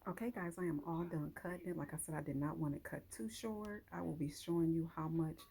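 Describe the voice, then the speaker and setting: A woman vlogger talks her viewers through a hands-on task in a loose, chatty way. Her voice sits low and has a husky, gravelly grain. The tone is dark and mellow rather than bright. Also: a little fast. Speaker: hair vlogger. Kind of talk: casual how-to vlog.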